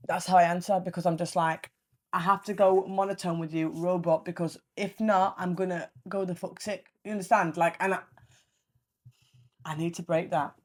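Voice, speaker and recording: A young woman, hosting a casual solo podcast, blunt and animated, swearing freely as she tells stories. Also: fairly low pitch, normal speed. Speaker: podcast host.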